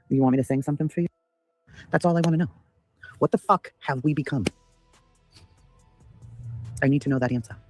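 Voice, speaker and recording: A man's voice: a little high, moderate pace, long pauses, a little mellow, faint music behind. A man hosting a casual livestream, ranting with heavy swearing while greeting chat members by name. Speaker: livestream host.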